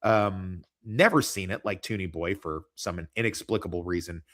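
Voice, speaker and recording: A man's voice: low voice, normal speed, fairly bright tone. A man hosting a casual livestream chat, rambling and joking with lots of swearing. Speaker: podcast host.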